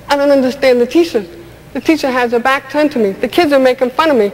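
A woman comedian telling a personal story on stage with an animated, emphatic, punchy delivery. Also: sits high, fast talker. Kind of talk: stand-up storytelling testimony. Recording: long hall reverb, faint noise.

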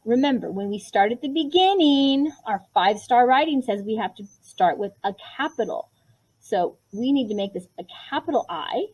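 A woman's voice: medium pitch, a little mellow, breathy edge, poor audio. A woman teaching kindergarten writing in a patient, encouraging way, sounding out each word step by step. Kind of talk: online writing lesson for young children.

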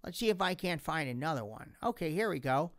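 A man's voice: fairly high pitch, animated, brisk, noisy background. A man doing Grandpa Lemon, a rambling old lemon. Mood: chatty. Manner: rambling, exclaiming at the game. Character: elderly male lemon, rambling and chatty. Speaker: game commentator. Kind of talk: let's play commentary.

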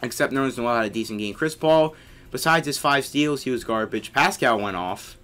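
A young man talks through his basketball video game in a bright, forward voice. He rambles casually and shouts when shots drop, then grumbles when teammates mess up. Faint music plays underneath. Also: medium pitch, normal speed. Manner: excitable, yelling on big plays, grumbling at teammates. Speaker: gamer commentating his own play. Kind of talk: casual gameplay commentary.

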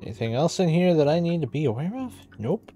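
A man's voice: on the high side, big pitch swings, quick pace, mellow, soft background music. A man playing through a detective game, reading its text and cracking sarcastic jokes as he goes. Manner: sarcastic and jokey, laughing often. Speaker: gaming streamer. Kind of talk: playful game commentary.

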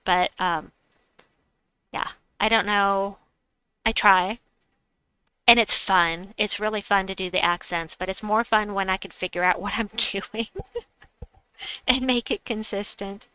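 A woman's voice: mid-range voice, fairly even intonation, unhurried, long pauses, pushed and bright, clear, resonant tone, no echo. A woman hosting a casual gaming livestream, chatty and playful, reading chat aloud and making silly noises. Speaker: livestream host.

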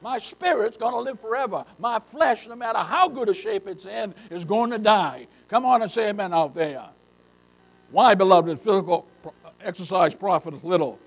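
An older man preaching a sermon as pastor, emphatic, often addressing listeners as beloved, rising to loud bursts. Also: high-pitched, lively intonation, normal speed.

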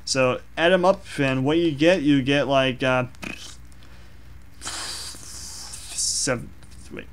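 A man's voice: medium pitch, moderate pace, hardly any pauses, a little hiss or hum. Young man, casual drawing vlogger, rambling and self-deprecating. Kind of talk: casual commentary over a drawing.

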